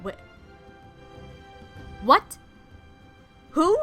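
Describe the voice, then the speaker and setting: Gushing young male knight, voiced by a woman, casual modern slang, excited, bright tone, higher pitch. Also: normal speed, faint music behind.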